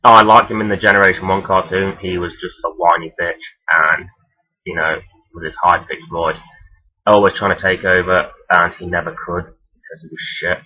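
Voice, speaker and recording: Man, deep voice, husky tone, casual vlog rant, swears a lot, lots of ums. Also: steady tone, normal speed, sharp tone, lo-fi sound. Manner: rambling, profane, many fillers. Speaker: vlogger ranking toy robot characters. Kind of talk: casual unscripted countdown talk.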